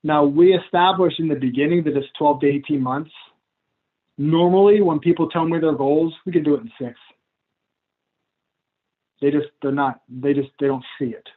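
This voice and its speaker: On a video call with tinny, phone-like audio, a coach trainer teaches coaching skills in a relaxed, chatty manner. His voice is a little high, his pace moderate with long pauses, and he laughs at himself while acting out client dialogue.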